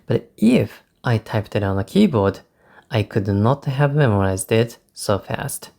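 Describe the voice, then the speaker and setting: A Japanese man, speaking English as a second language, teaching exam speaking skills with slow, careful repetition. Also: fairly low pitch, lively intonation, gravelly, mellow. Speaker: English test tutor. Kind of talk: spoken-English lesson with sample answers.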